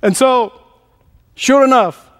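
Man, preacher, sermon, high voice, emphatic, repetitive, laughs often. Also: slow, a bit bright. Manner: emphatic, repeats key phrases, laughs often.

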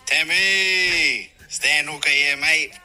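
A man recording a slow, cheeky birthday message. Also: on the high side, sharp tone, soft background music.

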